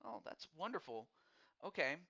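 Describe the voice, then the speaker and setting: A man's voice: fairly high pitch, sing-song, normal speed, pushed and bright, muffled recording. A man hosting a casual live-streamed hockey draft, rambling and repeating words in a friendly, upbeat way.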